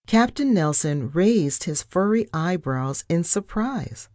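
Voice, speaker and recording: A woman reading a children's storybook aloud in first person, with an animated delivery. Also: lowish voice, slow, no room sound, studio quality.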